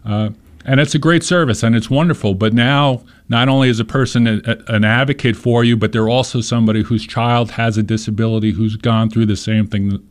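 A man's voice: medium pitch, fairly even intonation, a little fast. A man, a guest in an interview, explaining his organization's work in an earnest, conversational way and telling short anecdotes. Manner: earnest, explanatory, tells stories with little voiced quotes.

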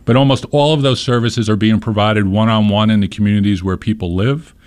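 Low-pitched man, interview guest, earnest and explanatory. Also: fairly even intonation, brisk, a little mellow, clean tone. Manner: earnest, explains with examples and stories. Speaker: nonprofit leader being interviewed. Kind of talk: conversational interview.

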